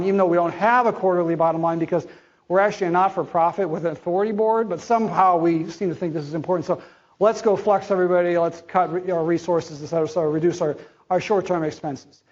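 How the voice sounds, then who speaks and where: A man's voice: high voice, steady tone, fast, highs cut off. A man giving a conference talk as a chief medical officer, blunt and conversational with slangy asides.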